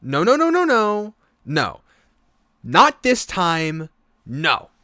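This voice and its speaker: A man voicing a mischievous little girl spirit made of ink, shrill, bratty and defiant. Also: wildly swooping pitch, drawn-out words, bright, forceful tone, no room sound, studio quality, full character voice.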